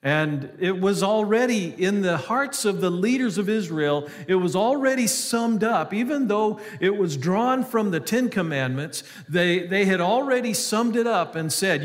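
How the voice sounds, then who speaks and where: A man's voice: high voice, lively intonation, normal speed, few pauses, big-room sound. A male pastor giving an earnest sermon, reading scripture aloud between hesitant, restarting remarks.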